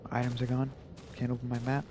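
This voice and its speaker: With background noise and game music playing, a man streams a game and comments casually at a quick pace. His mid-range voice stays monotone as he rambles easily, saying "like" and "you know" a lot.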